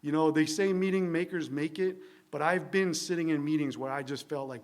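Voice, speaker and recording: A New Jersey man with a fairly high pitch speaks briskly as he candidly tells his recovery story at a meeting in a church meeting room. It's a rambling, conversational share full of fillers, tag questions, and wry self-deprecating humor.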